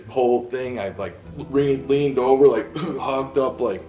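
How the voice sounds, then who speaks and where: A man's voice: medium pitch, unhurried, hardly any pauses, a little mellow. A young man telling his story in a casual interview, rambling and slangy, acting out what people said to him. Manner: slangy, rambling, acts out quotes. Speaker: interviewee, shooting survivor. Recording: roomy with faint music.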